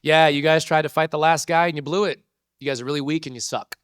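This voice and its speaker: A man's voice: on the high side, steady tone, fast, fairly bright tone, smooth, no room sound, studio quality, close to an everyday voice. A man voicing a smug, dismissive adult male villain in a casual, offhand way while retelling a video game scene. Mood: taunting.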